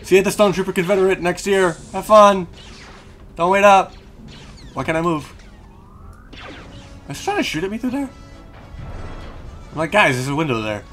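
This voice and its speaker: Young guy doing let's play chat at his desk, bright voice, jumps all over in pitch, jokey and a bit sweary. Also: expressive, normal speed, pauses often, faint music behind. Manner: joking, swearing, talking to his cat. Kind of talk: casual gameplay commentary. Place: room at home with a cat on the desk. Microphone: desk microphone.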